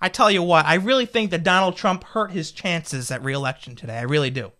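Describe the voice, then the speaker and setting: A man's voice: a little high, fairly quick, pushed and bright. A man in his twenties, a political commentator, delivering a fired-up, indignant opinion rant full of rhetorical questions. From United States. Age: 20s.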